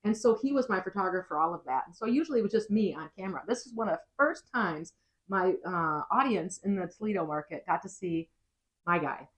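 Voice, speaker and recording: A woman who is a TV meteorologist, co-hosting a vlog and telling a story in a casual, animated way, acting out quoted lines. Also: lowish voice, poor audio.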